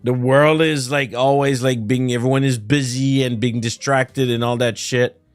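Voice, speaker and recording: A man's voice: mid-range voice, fairly even intonation, normal speed, no echo, soft background music. A man from Quebec whose first language is French, with a Quebec French accent, chatting casually on a livestream in a whiny, ranting way, laughing often and swearing. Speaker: streamer.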